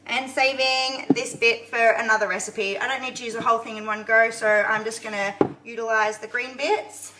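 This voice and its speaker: Woman, high voice, chatty live cooking demo, noisy stream. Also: steady tone, moderate pace, hardly any pauses, bright, forceful tone, distant mic. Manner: chatty, talks to viewers while cooking. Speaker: home cook hosting a live cooking video. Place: home kitchen.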